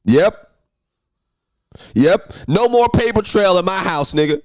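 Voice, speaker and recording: A young man hosting a solo podcast, telling road stories in an animated, ranting way that jumps high and loud when he gets worked up. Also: slow pace, no room sound. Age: young adult. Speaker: podcast host.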